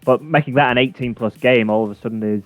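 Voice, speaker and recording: A man's voice: mid-range voice, fast, dry recording. A man co-hosting a games chat show, rambling with fillers and restarts and chuckling as he talks. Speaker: co-host. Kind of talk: casual chat. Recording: dull lo-fi sound with faint music.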